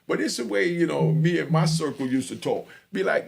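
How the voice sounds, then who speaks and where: Man, middle-aged, New York accent, gravelly, slightly high, rambling storyteller. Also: fairly quick, few pauses. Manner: animated, rambling, full of "you know what I mean". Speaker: host telling prison stories. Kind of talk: casual storytelling monologue.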